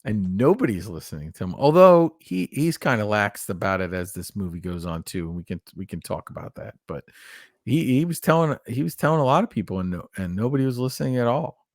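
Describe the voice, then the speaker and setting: A man's voice: on the low side, very animated, a little fast, no room sound, clean studio sound. A man co-hosting a podcast, chatting casually in an earnest, reflective way and thinking aloud with restarts. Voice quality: gravelly. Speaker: podcast co-host. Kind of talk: casual chat.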